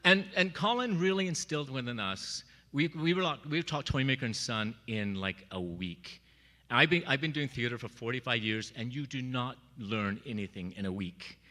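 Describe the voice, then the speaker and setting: A middle-aged man speaking at a memorial, telling personal stories in an animated way and acting out the voices he quotes. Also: mid-range voice, moderate pace, big-room sound. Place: church sanctuary.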